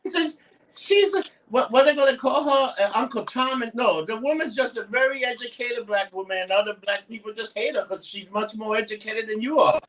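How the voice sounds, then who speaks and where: A man's voice: very high voice, brisk, hardly any pauses, fairly bright tone, distant mic. A man with a New York accent co-hosting a podcast, in brash, crude, casual banter that is full of swearing and laughs. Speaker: podcast co-host.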